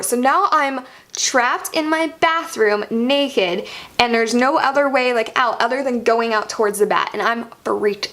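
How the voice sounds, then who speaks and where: A young adult woman vlogger telling a storytime monologue in an animated way, full of "like" fillers. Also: on the high side, measured pace. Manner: animated, heavy use of "like" fillers.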